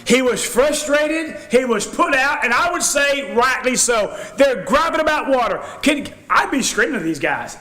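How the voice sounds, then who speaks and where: Preaching a sermon in a church, a man with a notably high voice speaks at normal speed with few pauses. His delivery is folksy and animated, and he slips into quoted voices to act out the people he describes.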